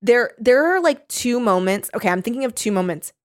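A woman's voice: a little high, a little fast. A woman chatting casually about a book with a friend, laughing a lot and acting out lines from it. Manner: animated, laughs often, acts out quotes.

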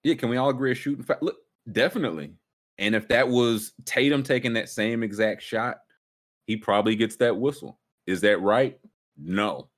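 A man hosting a casual sports talk show, ranting emphatically with sudden jumps up in pitch. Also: moderate pace. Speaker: sports podcast host.

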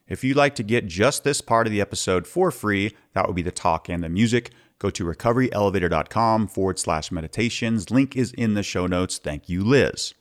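A man's voice: on the low side, a little fast, hardly any pauses. A man hosting a podcast, talking candidly as he shares personal stories and practical tips. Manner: candid, plain-spoken storyteller. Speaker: podcast host. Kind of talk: podcast monologue giving tips.

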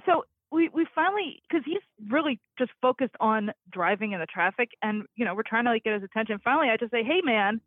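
A woman's voice: fairly high pitch, fast talker, hardly any pauses, no echo. Woman on a tinny phone line. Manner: laughs often while telling stories. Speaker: regular caller. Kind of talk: casual call-in chat.

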